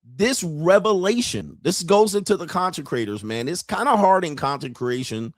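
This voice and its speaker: Guy running his own commentary channel, slightly high voice, dead dry mic, swears a lot and jokes around. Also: normal speed, no room sound. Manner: profane, joking, animated storytelling. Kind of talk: casual commentary.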